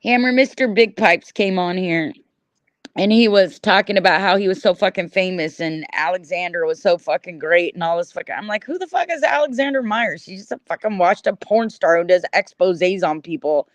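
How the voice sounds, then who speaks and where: A woman's voice: lowish voice, moderate pace, no room sound. Profane, combative middle-aged woman ranting. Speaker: livestream host. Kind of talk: angry ranting livestream chat.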